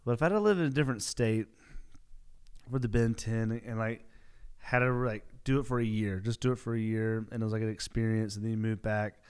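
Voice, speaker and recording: A man's voice: on the low side, a little fast, a little mellow, clean tone. A young man hosting his podcast, chatting casually and rambling with lots of filler words and self-corrections. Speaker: podcast host. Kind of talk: casual solo podcast chat.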